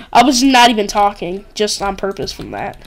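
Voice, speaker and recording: A woman's voice: mid-range voice, background noise. A woman hosting a casual game commentary, rambling and giggling with lots of "like" and "um". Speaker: gaming channel host. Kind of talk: casual let's-play commentary.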